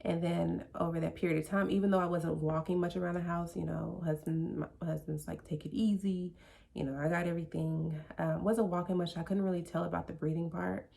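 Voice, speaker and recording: Woman vlogger with a low, gravelly voice who tells her own story in a loose, chatty way. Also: little pitch movement, brisk, dark tone. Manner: chatty, full of "like" and "you know". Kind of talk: casual personal storytelling.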